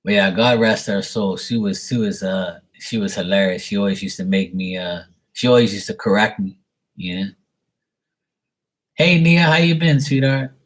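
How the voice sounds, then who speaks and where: A man's voice: low-pitched, fairly even intonation, moderate pace. A man chatting casually on a livestream tarot reading, rambling and swearing, repeating his words as he goes. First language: Portuguese spoken at home. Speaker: live tarot reader.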